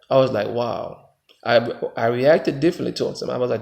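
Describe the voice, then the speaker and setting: American male motivational vlogger, mid-pitched, gravelly edge, emphatic preachy delivery. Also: fairly even intonation, a little fast. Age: adult father. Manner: emphatic, preachy, swings between loud pushes and low reflective stretches. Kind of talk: motivational monologue.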